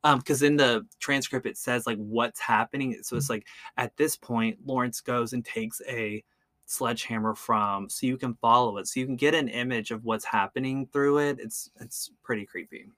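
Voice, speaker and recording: A man hosting a podcast, telling a true crime story in a relaxed, casual way with lots of "like" and "um". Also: medium pitch, moderate pace, dry recording. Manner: relaxed, peppered with "like" and "um". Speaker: podcast host.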